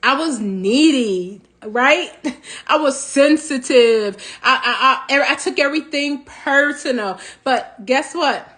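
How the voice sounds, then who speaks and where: High-voiced, animated motivational woman. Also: takes it slowly. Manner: animated, preachy, laughs between points. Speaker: host of a healing talk show. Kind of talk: motivational talk.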